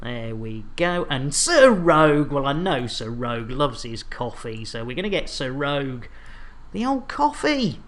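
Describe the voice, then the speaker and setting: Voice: medium pitch, very animated, measured pace. A game streamer chatting casually on a live stream, with jolly, chatty showman patter and playful catchphrases.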